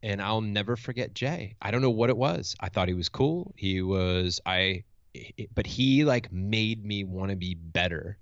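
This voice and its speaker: A man's voice: fairly low pitch, expressive, measured pace, dry recording, dull audio. A man who works as a motivational speaker and coach, telling a personal story in a reflective, candid way, thinking aloud with restarts and asking "right?" as he goes.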